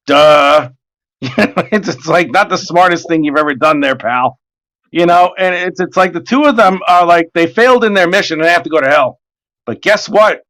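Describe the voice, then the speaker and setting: A man in his forties chatting casually as he works, an animated, rambling storyteller with plenty of swearing. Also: fairly high pitch, fairly quick. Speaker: artist streaming his work. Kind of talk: casual chat.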